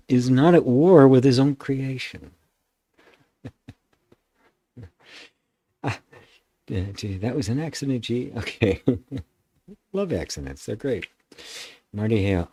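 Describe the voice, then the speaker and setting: Low husky-voiced man, spiritual teacher. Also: darkish tone, no echo. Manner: musing, stops and restarts, often adds "right?". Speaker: spiritual teacher hosting a live Q&A. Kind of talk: reflective spiritual teaching, answering chat comments.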